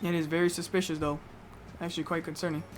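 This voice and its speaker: A woman streamer giving excitable live commentary on a game playthrough, swearing casually and laughing often. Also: on the low side, quick pace, a little hiss or hum.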